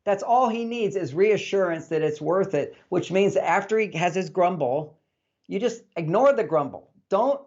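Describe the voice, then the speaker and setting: A man giving relationship advice as an interview guest, a lively storyteller who acts out the dialogue he quotes. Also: high voice, moderate pace, highs cut off.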